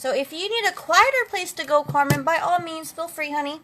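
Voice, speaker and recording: Talking nonstop during her makeup live stream, a sassy woman calls her viewers "girls" and "honey." Her extremely high pitch is expressive and fairly quick. The background is noisy, with eighties instrumental music playing faintly.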